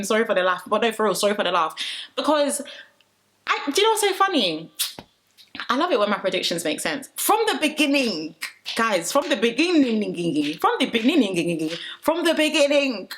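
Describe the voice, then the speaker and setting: A woman's voice: medium pitch, a bit bright. A young woman giving a chatty, opinionated reality TV recap vlog, laughing often and addressing viewers directly. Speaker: reality TV reviewer. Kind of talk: casual commentary vlog.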